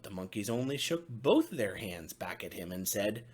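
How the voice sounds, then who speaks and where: A man, a pastor, reading a bedtime story to children in an expressive, sing-song way. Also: on the low side, normal speed, few pauses, husky.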